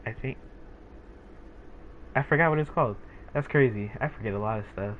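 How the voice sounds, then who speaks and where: A man's voice: lowish voice, moderate pace. Laid-back young man rambling, tinny sound. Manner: rambling, laid-back, many fillers and restarts. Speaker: gaming streamer. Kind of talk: casual rambling chat with viewers. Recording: tinny phone-like sound with faint noise.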